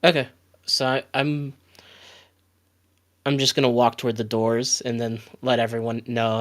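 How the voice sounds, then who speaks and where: A man playing a tabletop role-playing game, relaxed as he says what his character does. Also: mid-range voice, a little slow, long pauses. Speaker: player. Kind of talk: casual tabletop play.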